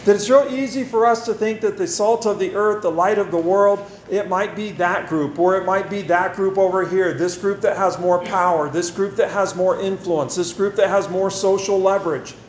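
A man with a fairly high voice preaches in a casual, down-home manner, circling back on his phrases to drive a point home. His words ring through an echoey room over a faint hiss. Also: fairly even intonation, normal speed, hardly any pauses. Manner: conversational and folksy, repeats phrases for emphasis. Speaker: pastor. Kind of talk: sermon with scripture reading and prayer.

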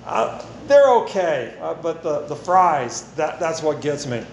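A pastor with a fairly high voice delivers a sermon with scripture reading and prayer in a conversational, folksy way, expressive and unhurried. He repeats phrases for emphasis, and his voice echoes through the room over a faint hiss.

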